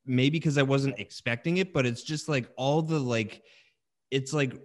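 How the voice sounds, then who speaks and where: A man's voice: mid-range voice, moderate pace. A man talking casually and eagerly about a comedian he admires. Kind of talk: casual chat.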